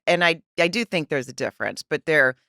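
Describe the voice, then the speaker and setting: A woman's voice: sits low, lively intonation, brisk, pushed and bright. A woman co-hosting a podcast, sharing her opinions earnestly and hesitantly, often trailing off mid-thought. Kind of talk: casual chat.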